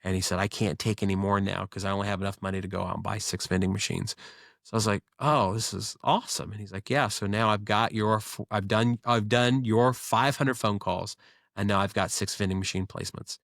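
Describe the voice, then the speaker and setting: A man, a guest business owner, telling stories in a casual interview with quick, animated delivery and frequent restarts. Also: fairly low pitch, creaky, no echo, studio quality.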